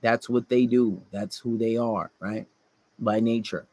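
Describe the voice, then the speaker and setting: A man's voice: medium pitch, fairly even intonation, measured pace, mellow. A man delivering a blunt, profane dating-advice monologue to male listeners, often mocking the people he quotes.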